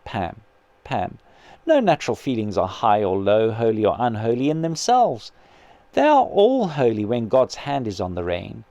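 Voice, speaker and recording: A man reading aloud as a patient male spirit who gently and earnestly persuades his grieving sister. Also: mid-range voice, moderate pace, no room sound, muffled recording, pitched below the performer's own voice. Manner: calm, kindly, earnest persuasion.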